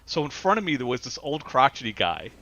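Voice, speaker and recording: Bright-voiced New man telling stories. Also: mid-range voice, fast talker, lo-fi sound. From New York. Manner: animated storyteller, laughs often, restarts sentences. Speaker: podcast host. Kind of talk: casual chat.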